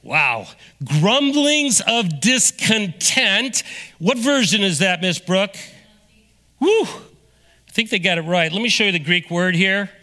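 A man preaching a sermon as pastor, energetic and drawing the congregation into call-and-response. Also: sits high, slow. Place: church sanctuary. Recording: long reverb of a large hall.

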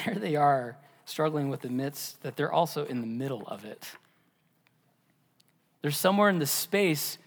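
A man preaching a sermon as pastor, animated, dropping to a whisper for emphasis. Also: a little high, long reverb tail. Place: church.

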